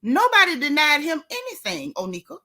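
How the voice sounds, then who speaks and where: A woman's voice: sits high, huge pitch swings, fairly quick, pushed and bright. A woman hosting a gossip vlog in casual commentary, sassy and scolding, firing off rhetorical questions.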